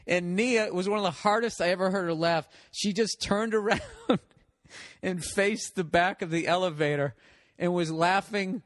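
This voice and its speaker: A man's voice: high-pitched, normal speed, a bit bright, dry recording, studio quality. A middle-aged man hosting a podcast, telling a rambling, self-mocking comic story full of swearing and laughing through it. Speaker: podcast host.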